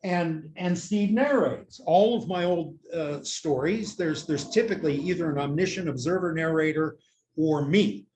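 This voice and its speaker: Speaking at a moderate pace with a darkish tone, this older American man guests on a casual video-call interview. His voice sits a little higher than most men's as he spins long, wandering, self-mocking stories, leaning heavily on "you know." The sound comes through his laptop's built-in camera mic.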